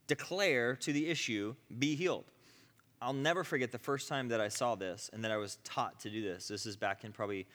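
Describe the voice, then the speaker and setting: A man's voice: mid-range voice, a bit bright, long reverb tail. A man teaching a class on healing prayer in a conversational way, with frequent asides and "okay?" checks. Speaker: ministry teacher.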